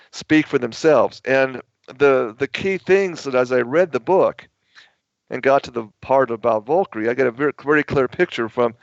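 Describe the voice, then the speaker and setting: A man's voice: mid-range voice, creaky, dry recording. A man who is an author guesting on a radio talk show, telling long, emphatic, rambling stories. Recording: dull lo-fi dry sound.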